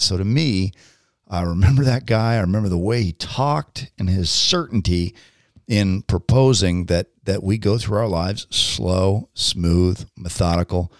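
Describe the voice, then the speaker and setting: A man's voice: sits low, unhurried, no room sound, studio quality. A middle-aged man hosting his own podcast, telling a long story in a casual, rambling way with many ums and restarts. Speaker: podcast host.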